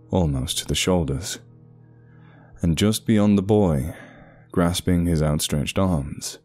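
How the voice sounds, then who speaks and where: A man narrating a horror story in a measured, ominous way. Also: low-pitched, mellow. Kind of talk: scripted narration. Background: faint music.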